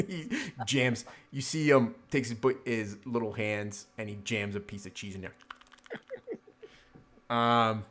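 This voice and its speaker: A man narrating a tabletop game as game master, halting often with fillers. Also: mid-range voice, fairly bright tone.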